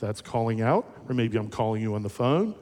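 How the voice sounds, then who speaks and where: A man, the pastor, preaching a sermon in an animated, conversational storytelling way, asking the audience questions. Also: lowish voice, brisk. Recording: echoey hall reverb.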